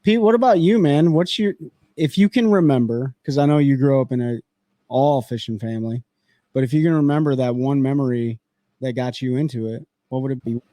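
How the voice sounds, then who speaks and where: A man's voice: mid-range voice, a little fast, mellow, dry recording. A man acting as podcast co-host, asking questions and adding short, encouraging agreements in a casual talk.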